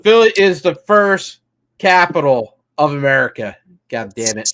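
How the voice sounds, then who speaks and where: A man's voice: a little high, very animated, measured pace, a bit bright, slight background noise. A man co-hosting a casual sports talk show, laid-back, trailing off and saying "dude" a lot. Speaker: podcast co-host. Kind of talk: casual chat.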